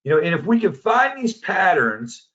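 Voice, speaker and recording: A man who works as a positive psychology coach, giving a casual, animated storytelling presentation. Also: high-pitched, moderate pace. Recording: dull lo-fi audio.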